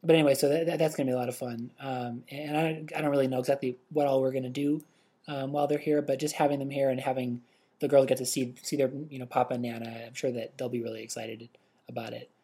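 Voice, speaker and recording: A man's voice: mid-range voice, little pitch movement, fast talker, warm tone, slightly rough. A man co-hosting a casual podcast, talking in an easygoing, hesitant way with many ums. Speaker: podcast co-host and father. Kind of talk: casual chat.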